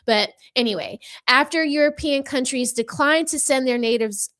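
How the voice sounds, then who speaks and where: A woman hosts a casual political commentary show and talks loosely and chattily. She wanders between reading news articles aloud and adding her own asides to her viewers. Her voice sits somewhat high for a woman. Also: moderate pace, fairly bright tone. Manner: chatty and rambling, addresses viewers as y'all.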